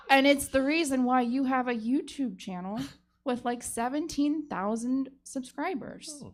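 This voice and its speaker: A woman delivering a comic mock closing argument, soothing and then shouting, laughing through her lines. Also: high-pitched. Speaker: comedy panelist.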